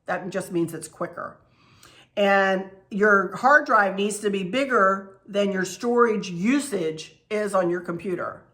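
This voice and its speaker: A woman's voice: mid-range voice, slow, fairly bright tone. A middle-aged woman, chatting casually to camera as a channel host, rambling and effusive.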